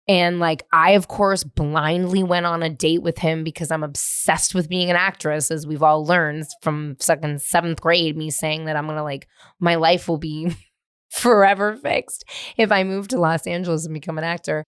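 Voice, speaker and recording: A woman in her thirties from San Francisco, hosting her podcast and telling a story in a candid, animated, profane way. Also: low-pitched, normal speed, smooth, no echo, clean studio sound. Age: 30s. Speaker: podcast host. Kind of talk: casual storytelling monologue.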